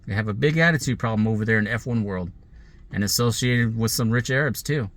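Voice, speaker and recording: A man's voice: lowish voice, fast talker, a bit bright. A man sitting in his car, giving an angry, rambling monologue to the camera about grievances and threats. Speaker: vlogger.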